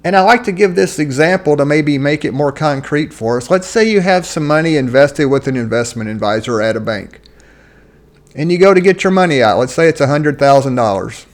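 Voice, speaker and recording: A man's voice: lively intonation, brisk. A man giving a casual solo talk on faith and money, speaking conversationally with occasional restarts as he searches for words. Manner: conversational, acts out quoted voices with rising pitch. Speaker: Christian finance teacher.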